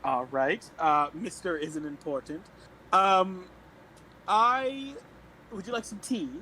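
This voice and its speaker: A man's voice: high-pitched, takes it slowly, sharp tone, a little hiss or hum, full character voice, poor audio. A man playing a genteel, fussy male shopkeeper who talks in an overly polite, refined way. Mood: courteous.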